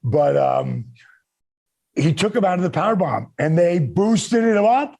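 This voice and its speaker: A man with a gravelly, raspy voice telling stories in a casual chat and acting out what others said. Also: sits high, a little slow. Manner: animated, acts out quoted voices, many restarts. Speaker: guest. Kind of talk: casual storytelling.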